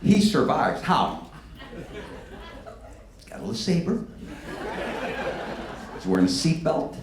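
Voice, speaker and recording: On stage before a live crowd, a male comedian delivers a brash, profane set, speaking slowly with animated bursts as his pitch swings widely. The room is echoey, with loud background and crowd noise.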